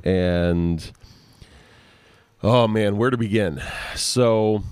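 A man's voice: fairly low pitch, drawn-out words, darkish tone, clean tone, no room sound. A man co-hosting a podcast from home over the internet, just woken up and rambling as he hunts for words in casual chat. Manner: rambling, sleepy, searching for words. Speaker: podcast co-host and guitar effects artist. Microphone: joining over the internet.

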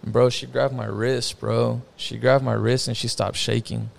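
A man's voice: medium pitch, little pitch movement, normal speed, creaky. A young man casually telling a personal story as a guest, slangy and profane, filling his talk with "bro" and "like".

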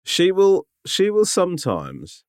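A man's voice: high-pitched, huge pitch swings, slow, clear, resonant tone, no room sound, studio quality. A man in his forties co-hosting a podcast, self-mocking and exasperated, swearing freely in casual chat. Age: 40s. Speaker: podcast co-host.

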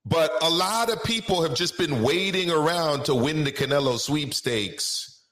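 A man's voice: a little high, measured pace, a bit bright, echoey room. A man co-hosting a casual boxing talk show, stretching names out in a sing-song way for emphasis.

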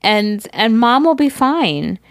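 A woman's voice: fairly high pitch, big pitch swings, takes it slowly, no echo, clean studio sound. A woman in her forties co-hosting an advice podcast, blunt and motherly, swearing freely and getting emotional. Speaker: podcast co-host. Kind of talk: casual advice podcast chat.

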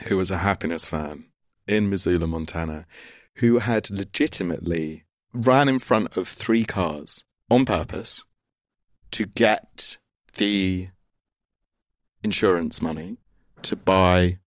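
A man's voice: deep voice, dry recording, clean studio sound. A young man hosting a casual podcast chat, laughing often and swearing casually. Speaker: podcast host, touring musician.

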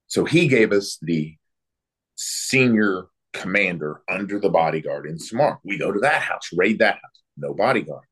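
A man being interviewed, telling a long story from his time as a military interrogator in brisk, anecdotal bursts and acting out the exchanges he quotes. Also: low voice, animated, a bit bright, husky. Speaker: guest, former military interrogator.

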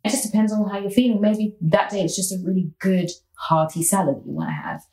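A woman guest in a casual interview, telling stories in a playful, animated way. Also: mid-range voice, quick pace, reverberant, rough recording.

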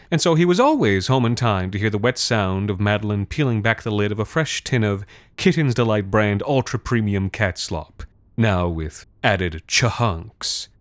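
A man's voice: lowish voice, very animated, fairly quick, no room sound. A man narrating a darkly comic story in a wry, theatrical manner. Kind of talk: scripted narration.

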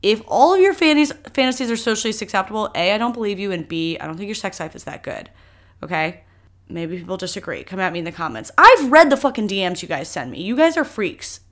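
A young woman hosting a solo podcast, talking candidly and animatedly, her voice swinging between loud bursts and soft asides. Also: medium pitch, sing-song, fast talker. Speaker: podcast host.

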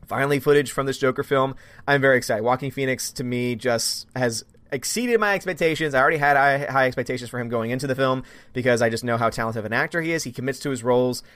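A man's voice: medium pitch, fast, a bit bright, dry recording. A man hosting a casual live stream, greeting viewers by name and reading their comments aloud.

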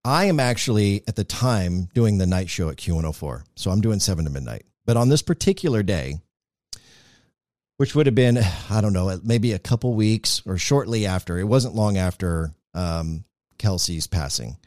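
Animated male podcast host, dry studio sound. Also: lowish voice, normal speed, no echo. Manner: animated, acts out quotes in a raised voice. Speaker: podcast host, former radio personality. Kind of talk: casual storytelling interview.

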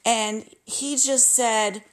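A woman's voice: a little high, fairly even intonation, extremely slow. A woman in her late fifties telling a personal story in a candid, emotional way, often repeating herself. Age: 50s. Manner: candid, emotional, repetitive retelling.

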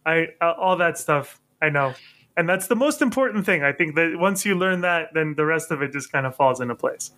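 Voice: mid-range voice, animated, a little fast, fairly bright tone. A playful speaker in casual chat who laughs easily and tries out foreign phrases with exaggerated delivery.

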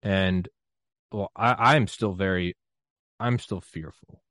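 A man's voice: sits low, slow, a bit bright, no echo, clean studio sound. A man from the United States hosting a podcast, talking in a loose, rambling, self-deprecating way and laughing often. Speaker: podcast host. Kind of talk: casual conversational interview.

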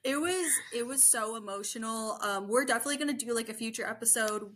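A young woman co-hosts a casual podcast and talks emphatically, with lots of filler words. Her voice sits a little high and sounds very bright. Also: quick pace. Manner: chatty, filler-heavy, emphatic. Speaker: podcast co-host. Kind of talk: casual chat.

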